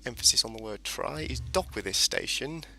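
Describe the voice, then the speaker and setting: A man's voice: fairly low pitch, expressive, moderate pace, gravelly, sharp tone, slight background noise. A man casually commentating a space game as he plays, rambling and explaining each step. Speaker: gameplay commentator. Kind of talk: casual let's-play commentary.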